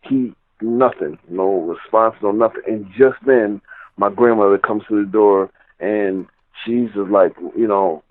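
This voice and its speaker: A man's voice: lowish voice, measured pace, dry recording. A man telling a personal story in a rambling, casual way, full of "you know" and "like". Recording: tinny phone line.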